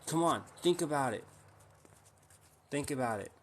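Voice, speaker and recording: A man's voice: on the high side, animated, unhurried, slight background noise. A man hosting a casual livestream, pushy and teasing, firing rhetorical questions at his viewers. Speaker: livestream host.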